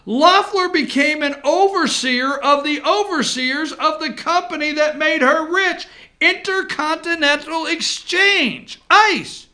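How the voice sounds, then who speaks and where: A man's voice: very high voice, slow pace, sharp tone. A man hosting a political talk show from an office, ranting with sarcasm, indignation and swearing.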